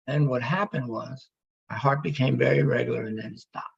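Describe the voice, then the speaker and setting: Male speaker, rough gravelly rasp, halting emotional testimony, muffled sound. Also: medium pitch, fairly even intonation. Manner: halting, emotional, with pauses and restarts. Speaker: speaker telling his near-death story.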